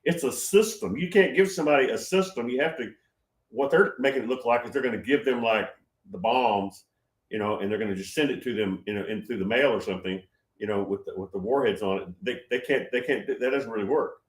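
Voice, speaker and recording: A man's voice: medium pitch, a little fast, echoey room. A man hosting a prophetic livestream, talking casually and reading viewer comments, rambling and repeating himself with emphasis.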